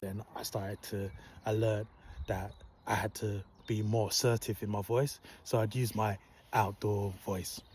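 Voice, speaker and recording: A man telling a personal story in a casual, soft and humble tone, calm and unhurried. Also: lowish voice, slight background noise. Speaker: vlogger recounting a work story.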